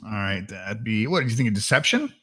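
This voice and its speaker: Jokey player, cusses freely; bright, lively voice. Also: male voice, on the low side, quick pace. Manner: jokey, swears, laughs often. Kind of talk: casual tabletop game chat.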